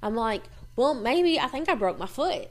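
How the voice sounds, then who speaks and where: A woman telling childhood stories in casual chat. She is animated, laughs often, swears freely and acts out what people said. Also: high voice, moderate pace. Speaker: host.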